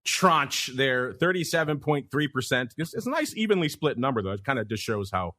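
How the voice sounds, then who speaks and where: A man's voice: medium pitch, big pitch swings, fairly quick, pushed and bright. A man hosting a podcast, reading out poll results in a joking, upbeat way. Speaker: podcast host. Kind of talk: casual podcast chat.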